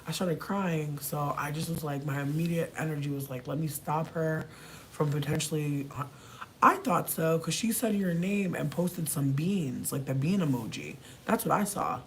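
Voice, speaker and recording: A woman livestreaming while high on mushrooms, rambling and swearing as she talks to her chat and repeats herself. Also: normal speed, a little hiss or hum.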